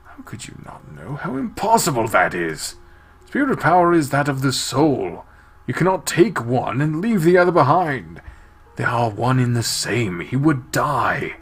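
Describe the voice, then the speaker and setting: A man hosting a let's-play, reading a visual novel aloud with expressive delivery that swings between soft and loud. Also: medium pitch, moderate pace, breathy edge. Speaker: game let's-play host.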